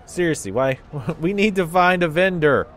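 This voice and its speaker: A man's voice: a little high, animated, moderate pace, fairly bright tone, a little hiss or hum. A man casually commenting while playing a game, chatting wryly and thinking aloud. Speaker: let's play commentator.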